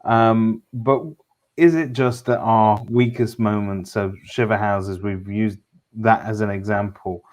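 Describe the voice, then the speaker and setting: A man co-hosting a reflective discussion, speaking in a measured, thoughtful way with small hesitations. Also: on the low side, steady tone, a little mellow.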